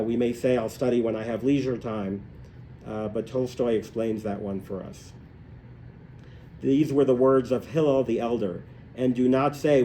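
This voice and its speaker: A man teaching a live class, telling a story and acting out its characters in an animated way. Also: a little hiss or hum. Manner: animated, acts out voices in stories, rises in pitch when excited. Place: hotel room, recorded live.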